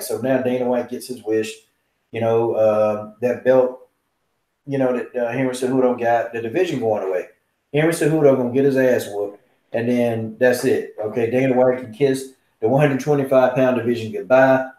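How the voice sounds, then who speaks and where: A man telling a story in casual podcast chat, animated and profane, his voice climbing as he acts out both sides of a phone call. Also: medium pitch, reverberant. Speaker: podcast co-host, called Coach.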